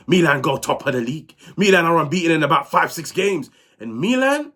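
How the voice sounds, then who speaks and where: A man hosting a football match reaction video, telling it in a dramatic, animated way while he is sick. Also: a little high, brisk. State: sick, unwell. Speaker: football channel host.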